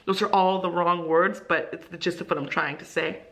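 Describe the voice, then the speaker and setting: A woman's voice: fairly low pitch, steady tone, a little fast, fairly bright tone. A young woman, an ESL teacher, rambling casually to camera in a vlog, full of fillers and easily moved to tears. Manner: rambling, filler-heavy, emotional. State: teary, crying.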